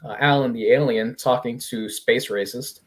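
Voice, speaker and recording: A man's voice: medium pitch, moderate pace. Male podcast co-host, casual crude comic recap, jokey delivery. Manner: crude, joking, acts out quotes.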